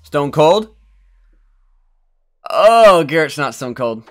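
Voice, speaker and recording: A man giving excited live commentary on his own video game match, swinging from low muttering to loud yelling and swearing often. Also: moderate pace, soft background music. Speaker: gaming YouTuber.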